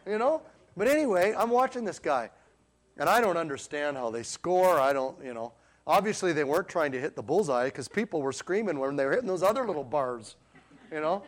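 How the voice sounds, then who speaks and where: A man on the high side, animated and fairly quick, delivers a sermon. Rhetorical questions fly at the congregation as he alternates between quiet stretches and loud ones.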